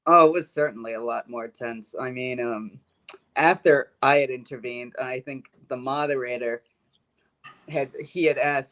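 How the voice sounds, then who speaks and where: A man's voice: mid-range voice, normal speed, a bit bright. A man guesting on a talk show, recounting an event in a chatty, casual way. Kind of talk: casual remote interview.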